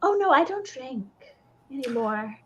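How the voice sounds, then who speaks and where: A woman voicing an anxious dragonborn recluse, breathy and hesitant, in a tabletop game. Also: high-pitched, sing-song, measured pace, highs cut off, voice pushed up. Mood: nervous. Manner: hesitant, stammering.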